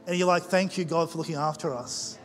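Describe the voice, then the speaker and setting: A man preaching a sermon as pastor, telling stories in a conversational way with quick asides. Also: on the high side. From Australia. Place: large church auditorium. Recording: long church hall reverb with faint music.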